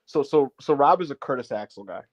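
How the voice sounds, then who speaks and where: A man co-hosting a casual podcast, telling animated stories and laughing often. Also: medium pitch, fast, muffled recording. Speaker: podcast co-host.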